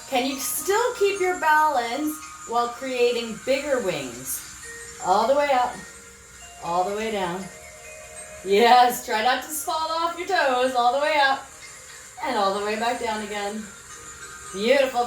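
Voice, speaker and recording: A woman leading a children's yoga class, giving gentle, encouraging instructions with frequent praise. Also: a little high, echoey room. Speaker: kids yoga teacher. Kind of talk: guided children's yoga lesson.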